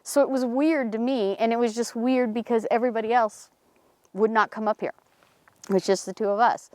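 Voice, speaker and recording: Outdoors in a cemetery, this paranormal team member briskly spins a local story, casual and animated, raising her pitch for each quoted voice. No room sound is audible.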